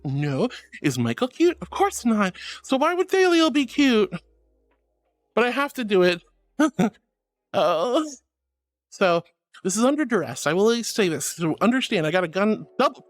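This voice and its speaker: A woman streaming live, chatting playfully and theatrically with her chat and reading their messages aloud. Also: medium pitch.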